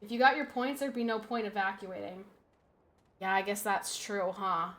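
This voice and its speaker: A woman's voice: medium pitch, steady tone, normal speed, fairly bright tone. A young woman streaming a hunting game, swearing, trash-talking her targets and muttering to herself. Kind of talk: casual gameplay commentary.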